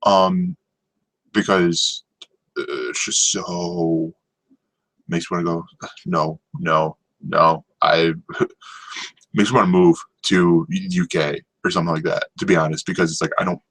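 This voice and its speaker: A man's voice: low-pitched, level tone, measured pace, pauses often, a bit bright, rough recording. A man hosting a casual solo podcast about TV, rambling with lots of ums and restarts. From North America. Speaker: podcast host. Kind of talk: casual solo TV review chat.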